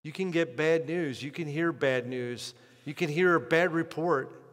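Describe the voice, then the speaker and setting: A male pastor preaching an impassioned sermon in a fairly high voice. His delivery surges loud and slow on key phrases, then falls back to a low hush. A long church-hall reverb trails every line. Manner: impassioned preaching with sharp swings in loudness and pace.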